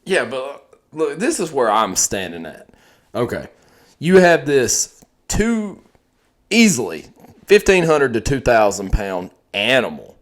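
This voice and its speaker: A man's voice: medium pitch, slow pace. A young man, telling stories in casual, profane podcast chat as host. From Texas. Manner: profane, animated storytelling.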